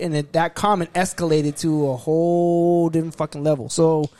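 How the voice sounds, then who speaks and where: A man telling a rough story in casual group chat, frank and profane. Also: on the high side, a little fast, hardly any pauses, dark tone, dry recording. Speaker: podcast guest telling a story.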